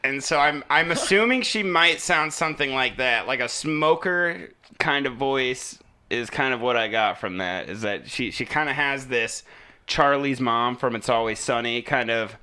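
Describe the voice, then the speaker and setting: A man chats on a casual podcast, tossing in hunches and opinions. His voice is sharply bright and crisp. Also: mid-range voice, lively intonation, moderate pace. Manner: chatty, speculative, jumps in with opinions. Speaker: podcast co-host.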